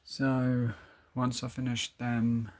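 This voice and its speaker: A man's voice: mid-range voice, completely flat delivery, slow pace, a little mellow, a little hiss or hum. A man chatting casually to his live stream viewers, rambling a bit and laughing often. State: out of breath.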